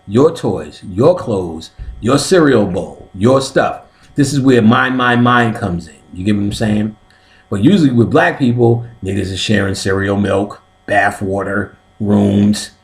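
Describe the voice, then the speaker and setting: A man teaching a comic lecture on spiritual topics, swearing freely and often asking "you know what I'm saying". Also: fairly low pitch. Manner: explains step by step, like a teacher. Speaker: comedic occult class teacher. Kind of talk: stand-up style comedic lecture.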